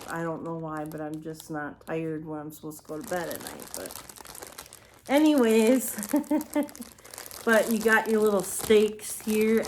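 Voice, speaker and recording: A woman's voice: medium pitch, a little hiss or hum. A woman chatting casually as she shows off home decor she bought, rambling and often adding apologetic asides. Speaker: home decor haul vlogger. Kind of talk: casual show-and-tell chat.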